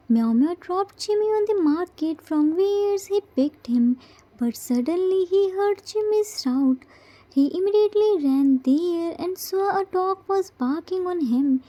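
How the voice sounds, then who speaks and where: A woman reads a fan-fiction story aloud in plain storybook style. Her voice is very high yet mellow, and she takes her time. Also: muffled recording. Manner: simple storybook narration.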